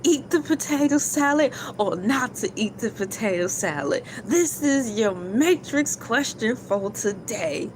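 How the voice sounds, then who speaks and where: Playful high-voiced woman livestream host. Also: expressive, a little slow, hardly any pauses, slight background noise. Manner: playful, jokey, drops into silly put-on voices. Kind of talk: casual morning livestream chat.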